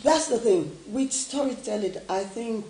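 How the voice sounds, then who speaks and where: A woman's voice: a little high, expressive, measured pace, warm tone. A woman hosting a casual talk show, chatting about storytelling and greeting viewers by name. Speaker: host. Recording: echoey room.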